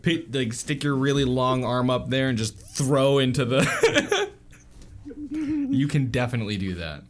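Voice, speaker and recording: A man's voice: mid-range voice, very animated, a little slow. A man running a tabletop game as dungeon master, talking casually with lots of fillers. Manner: casual, laid-back, filler-heavy.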